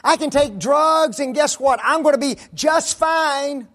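A man's voice: measured pace, fairly bright tone. A man preacher voicing a brash young person who thinks they are invincible. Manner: high, brash, self-assured.

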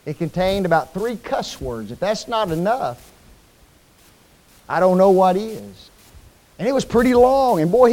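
A male preacher with a drawl delivers a sermon in a fairly high voice. He quizzes his listeners and answers himself. His delivery swings widely, climbing loud and high on key points, then sinking low and soft. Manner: animated, rises high and loud for emphasis, drops low and soft; asks the congregation questions and answers them.

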